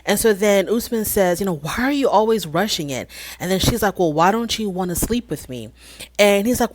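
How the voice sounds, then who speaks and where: A woman's voice: medium pitch, lively intonation, brisk, dry recording. A woman casually recapping a reality TV episode, chatty and conversational, acting out the people she quotes and asking rhetorical questions. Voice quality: frequent fillers and restarts, rhetorical questions. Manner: chatty and conversational, retelling scenes with quoted voices.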